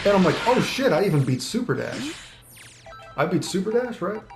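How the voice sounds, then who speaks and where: A man's voice: sits high, sing-song, moderate pace. A man giving casual commentary on a fighting game while playing, rambling, swearing often and quoting his own thoughts. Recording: echoey room with music behind.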